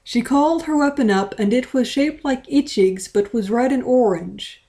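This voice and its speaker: A woman's voice: a little high, normal speed, warm tone. A woman reading a fan story aloud in a playful, dramatic way, with small stumbles. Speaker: reader. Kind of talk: read-aloud of fan fiction.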